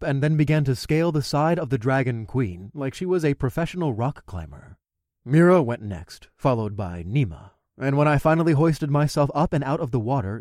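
A man narrating a first-person fantasy story in an expressive, conversational storytelling manner. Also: mid-range voice, no echo, studio quality. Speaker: audiobook narrator.

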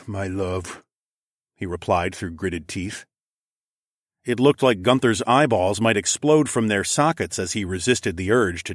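A man narrating a first-person fantasy audiobook in a measured, steady storytelling manner, recorded on a close studio mic. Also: on the low side, dry recording.

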